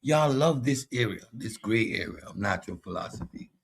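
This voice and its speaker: A man's voice: lowish voice, expressive, normal speed, creaky, husky. A man with a Caribbean accent hosting a combative philosophy monologue, boastful and mocking toward his audience. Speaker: host.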